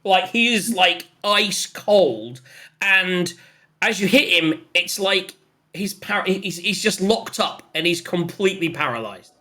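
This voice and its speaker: A game master narrating a tabletop game in an animated way, often laughing and acting out shouts and hums. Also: mid-range voice, takes it slowly.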